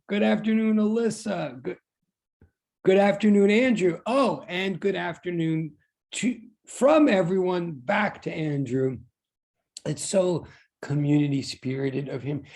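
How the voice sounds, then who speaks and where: Chatty man with a gravelly, dark voice. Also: sits high. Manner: chatty, self-deprecating, rambling with restarts. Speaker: physics instructor. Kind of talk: online class greeting students. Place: online video class.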